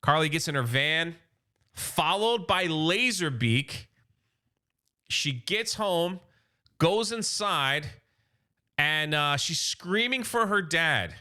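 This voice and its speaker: A man who recaps comic book stories casually, an excited, chatty storyteller who paraphrases the characters as he goes. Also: on the high side, slow pace, long pauses, clear, resonant tone.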